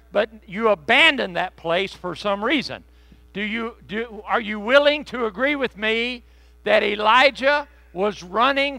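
A man preaching a sermon in a conversational, joking way, slowing down to stress key phrases. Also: sits high, gravelly, pushed and bright, no room sound. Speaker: pastor.

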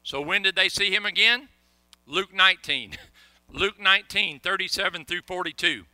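A man's voice: high-pitched, moderate pace, sharp tone, clear, resonant tone, no room sound. A middle-aged male pastor preaching a sermon in a conversational, storytelling way, often restarting his sentences.

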